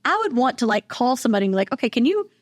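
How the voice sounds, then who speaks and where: A middle-aged woman, a realtor, talks as a guest in a casual podcast interview, agreeing quickly and offering advice. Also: on the high side, very animated, no room sound, clean studio sound.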